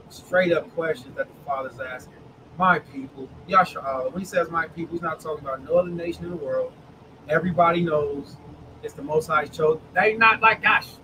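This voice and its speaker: A man leads a Bible study over a video call, reading verses slowly and then asking the group what they think. His voice sits high and lively. Faint background noise can be heard behind him. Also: poor audio. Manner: animated, calls on listeners by name, reads scripture slowly. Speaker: preacher. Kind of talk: online Bible study sermon.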